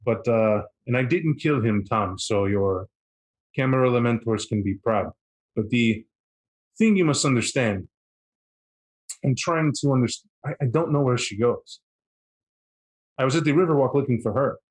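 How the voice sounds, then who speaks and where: A man's voice: mid-range voice, lively intonation, normal speed, long pauses, close to an everyday voice, rough recording. A man voicing a proud, pompous male vampire in a tabletop game who declares his own importance. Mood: earnest.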